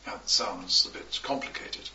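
A man preaching a sermon, slow and emphatic, with measured pauses between phrases. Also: pushed and bright, a little hiss or hum. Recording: echoey, distant, dull recording.

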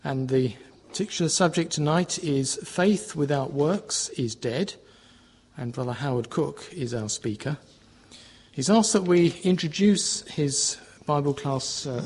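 A man's voice: medium pitch, darkish tone. A man opening a church Bible class, formally announcing the theme and the speaker. Faint hiss sits under his voice. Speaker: chairman introducing the speaker.

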